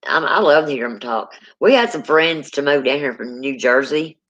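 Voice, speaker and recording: Low-pitched southern lady chatting folksy on a stream, kinda muffled lo-fi sound. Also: animated, moderate pace, a bit bright. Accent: Deep South US. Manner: chatty, folksy, calls people honey. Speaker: co-host. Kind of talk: casual chat on a livestream.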